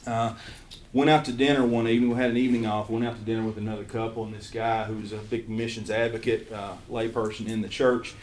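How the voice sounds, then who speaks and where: Speaking in an Eastern Kentucky accent, a missions pastor shares the story of his calling with a small group, his earnest speech halting and full of restarts. His fairly low voice shows little pitch movement, and the recording has roomy echo and faint room noise.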